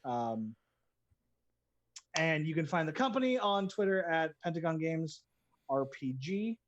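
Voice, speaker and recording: High-voiced rambling man. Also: very animated, measured pace, muffled recording. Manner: rambling, many ums and restarts. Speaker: game designer and guest game master. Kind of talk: casual chat, promoting a game.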